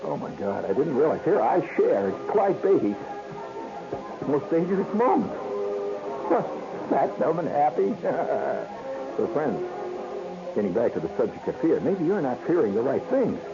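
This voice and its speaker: A man hosting a radio show, telling a story in an animated way, acting out voices and sounds and laughing often. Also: on the high side, normal speed, music in the background. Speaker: radio host. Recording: dull lo-fi 1970s radio broadcast with hiss.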